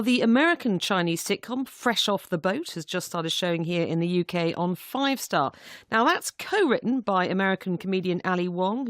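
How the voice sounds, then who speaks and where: A woman presenting a radio arts show and interviewing guests, measured, with some hesitant fillers in her questions. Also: on the low side, dry recording, clean studio sound. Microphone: studio microphone.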